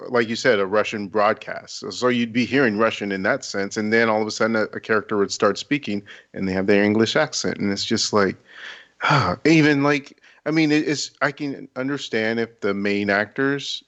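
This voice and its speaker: A man's voice: lowish voice, moderate pace, fairly bright tone. A man co-hosting a podcast, giving a casual review and repeating words before his points. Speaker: podcast co-host. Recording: dull lo-fi mic.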